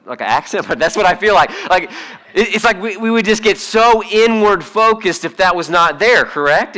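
Bright, animated male pastor. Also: a little high. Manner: conversational, animated, with frequent fillers and restarts. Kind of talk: casual sermon.

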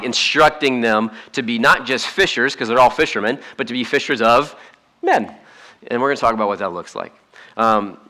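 Bright-voiced man preaching a casual sermon. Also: mid-range voice. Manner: conversational, animated, acts out quoted voices. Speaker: pastor. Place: church hall.

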